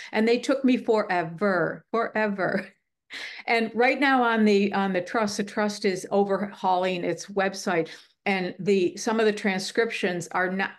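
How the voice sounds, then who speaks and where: A woman's voice: medium pitch, unhurried. A middle-aged woman speaking in casual conversation, telling a heartfelt story earnestly and animatedly, often restarting her sentences. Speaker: guest speaker on the afterlife. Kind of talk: casual chat.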